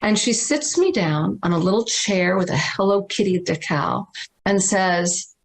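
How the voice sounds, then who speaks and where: Brief: woman storyteller on a video call, expressive and emphatic, with lively pitch. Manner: dramatic, emphatic, with slowed stresses and repeated words. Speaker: spiritual teacher and guest. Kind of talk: personal storytelling.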